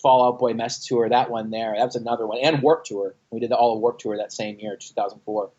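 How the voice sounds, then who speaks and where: A man's voice: medium pitch, a little fast, lo-fi sound. A man from Texas, a former band frontman, telling stories in a casual interview, swearing and acting out quotes. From Austin, Texas. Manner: profane, animated storytelling with acted-out quotes. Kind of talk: casual interview over a call. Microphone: internet call.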